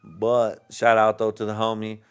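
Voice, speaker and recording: A man's voice: fairly low pitch, completely flat delivery, moderate pace, clean tone. A man hosting a casual podcast, telling stories in a rambling, profane way with bursts of laughter, a little tipsy from drinking. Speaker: podcast host.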